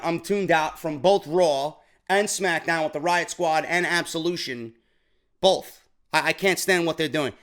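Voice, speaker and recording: Opinionated male wrestling-show host with a high-pitched voice, blunt and fed up. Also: fairly bright tone. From New York. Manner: blunt, exasperated, ranting.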